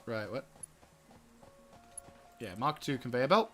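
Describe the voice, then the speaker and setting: A man's voice: mid-range voice, big pitch swings, slow pace, bright, forceful tone, soft background music. A man giving casual gameplay commentary, giggly and exasperated, swearing often. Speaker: gaming video host.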